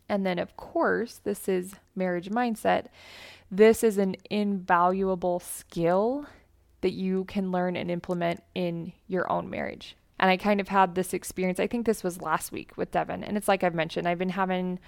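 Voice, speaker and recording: Chatty woman host with a gravelly edge. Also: lowish voice, fairly even intonation, normal speed, no room sound. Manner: chatty, earnest, acts out quotes with a lifted voice. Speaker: podcast host. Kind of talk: personal storytelling to listeners.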